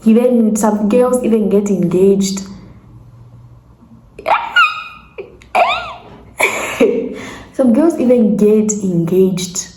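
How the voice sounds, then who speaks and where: Woman from Zambia telling a story. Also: medium pitch. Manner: animated, laughing asides, quotes others in her own voice. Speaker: vlogger. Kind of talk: casual storytelling. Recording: echoey room with faint ambience.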